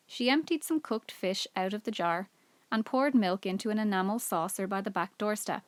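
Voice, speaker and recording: Casting: a teacher narrating a children's book for her class, steady and clear. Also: medium pitch, moderate pace, no echo. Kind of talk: reading a children's book aloud.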